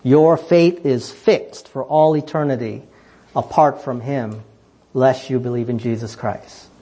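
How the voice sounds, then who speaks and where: A man preaching a sermon, asking pointed rhetorical questions and swinging between fervent high emphasis and quiet, low asides. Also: measured pace, breathy edge. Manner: emphatic, rhetorical questions, rising passionately then dropping low.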